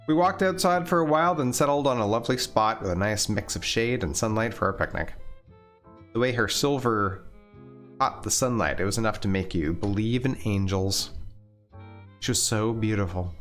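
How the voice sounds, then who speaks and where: A man narrating a dating game as a let's-play, relaxed, with asides and small slips. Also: on the low side, normal speed, soft background music. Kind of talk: reading a visual novel aloud.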